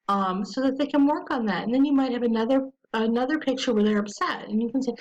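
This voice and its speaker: A woman runs an educational webinar in a casual style, saying "um" often, and slows into a soothing tone to demonstrate calm self-talk. Her voice sits on the high side, and the audio sounds dull.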